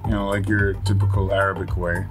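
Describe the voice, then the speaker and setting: A man's voice: low voice, flat delivery, brisk, over music. Laid-back joking musician man. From Lebanese family. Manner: laid-back, jokey, laughs easily. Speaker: musician, guest. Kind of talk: relaxed casual chat. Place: home music studio room.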